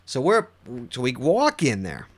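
A man tells a rambling story in a casual chat. His voice rises and drops widely as he gets animated, and he swears and laughs as he goes. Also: medium pitch, a little slow. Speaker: podcast co-host.

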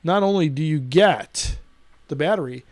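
A man co-hosting a casual podcast who jokes around and slips into mock-commercial pitches. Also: lively intonation, moderate pace, no room sound. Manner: joking, mock-commercial delivery. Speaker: podcast co-host. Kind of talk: casual chat.

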